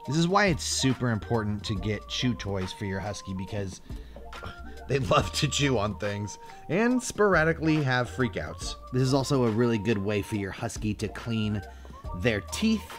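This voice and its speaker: A man's voice: normal speed, over music. A man hosting a dog vlog, talking playfully and coaxing his huskies through tricks. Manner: playful, coaxing, breaking into high excited yelps. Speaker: dog owner and channel host. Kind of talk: casual vlog talk to his dogs.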